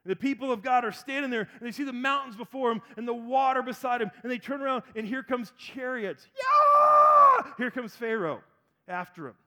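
A man's voice: very high-pitched, fast, a bit bright. A man in his forties preaching a sermon, animatedly acting out the voices of people in the story. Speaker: pastor.

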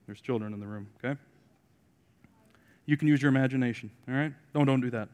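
A man preaching a sermon to a congregation, mixing joking asides with loud emphatic points and quiet remarks. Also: mid-range voice, fairly quick, smooth, long reverb tail. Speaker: pastor.

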